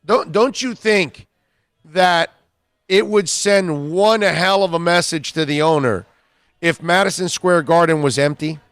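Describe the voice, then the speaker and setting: A man's voice: on the high side, a little slow, fairly bright tone, clear, resonant tone, dry recording. A man hosting a sports talk radio show, bluntly scolding listeners with repeated rhetorical questions.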